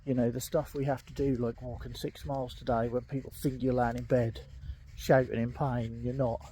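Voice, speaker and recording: Man, middle-aged, mellow voice, candid rambling walk-and-talk, in pain, earbud mic, faint outdoor ambience. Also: mid-range voice, flat delivery, brisk, slight background noise. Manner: candid, rambling, frequent ums. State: in pain, limping. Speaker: vlogger. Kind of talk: casual walking vlog. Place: outdoors on country lanes, walking a dog.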